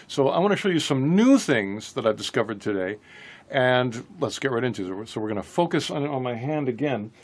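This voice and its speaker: Relaxed man teaching guitar. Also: mid-range voice, a little fast. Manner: relaxed, thinking aloud with restarts. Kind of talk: casual instructional talk.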